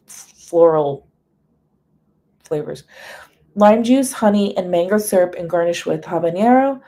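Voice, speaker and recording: Chatty woman on a livestream, warm mellow voice, reading stuff off a menu and saying hi to folks. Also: fairly low pitch. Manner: chatty, reads menu items aloud in lists; greets viewers by name. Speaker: livestream host. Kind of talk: casual live chat with viewers.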